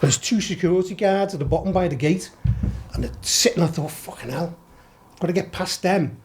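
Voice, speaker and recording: Middle-aged Scouse bloke, raised voice, spins wild yarns with plenty of swearing and laughter. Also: male voice, high-pitched, fairly quick, slight background noise. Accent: Liverpool Scouse. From Liverpool, England. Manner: animated, swears a lot, laughs while telling. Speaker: podcast guest. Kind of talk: storytelling anecdote.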